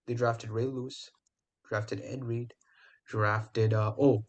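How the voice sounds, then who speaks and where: A young man co-hosting a podcast, talking sports in an animated, emphatic, trash-talking way. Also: medium pitch, slow pace. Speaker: podcast co-host. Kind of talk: casual sports chat.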